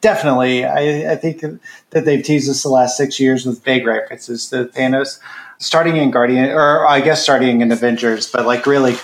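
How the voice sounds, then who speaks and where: A man's voice: medium pitch, steady tone, moderate pace. A man co-hosting a casual podcast, talking hesitantly with many restarts and fillers. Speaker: podcast co-host. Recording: roomy echo.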